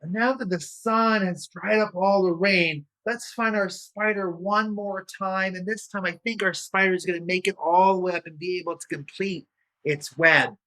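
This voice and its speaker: A man's voice: high-pitched, steady tone, normal speed, pushed and bright. A man leading a children's yoga storytime, playful and encouraging, with little sound effects along the way. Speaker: kids' yoga instructor.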